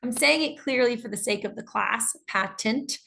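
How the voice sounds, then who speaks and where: A woman's voice: a little high, fairly quick, creaky, bright, forceful tone. An American woman teaching an online English class, explaining terms patiently with examples and reading out students' answers.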